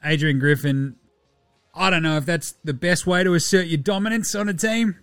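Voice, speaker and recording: A man with an Australian accent hosting a casual solo sports podcast, loose, sweary and quick to laugh. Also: on the high side, fairly even intonation, fairly bright tone, clear, resonant tone, no room sound, soft background music. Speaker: podcast host.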